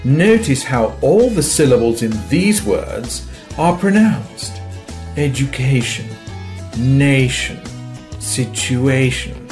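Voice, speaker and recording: A man with a posh English accent, explaining slowly and stretching his vowels. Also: on the high side, a little mellow. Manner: slow, elongated vowels. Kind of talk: accent demonstration.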